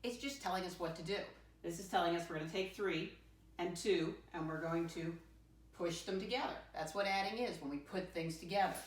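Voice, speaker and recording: A woman teaching a first-grade lesson in a friendly sing-song voice, spelling words out slowly letter by letter. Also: on the low side. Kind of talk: teaching a lesson to young children. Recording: roomy sound with the mic at a distance.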